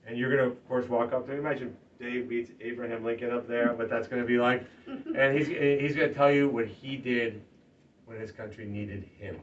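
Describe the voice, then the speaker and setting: A man's voice: mid-range voice, quick pace, slight background noise. Man giving an emphatic campaign speech. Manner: emphatic, swings from loud rallying to hushed earnest. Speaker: political candidate. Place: party office meeting room. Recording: distant lo-fi room recording, faint ambience.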